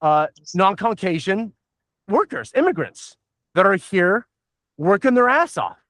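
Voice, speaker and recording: Podcast host, middle-aged man, high voice, dry close sound, rambling and profane. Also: very animated, unhurried, fairly bright tone, no echo. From Southern United States. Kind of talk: casual podcast chat.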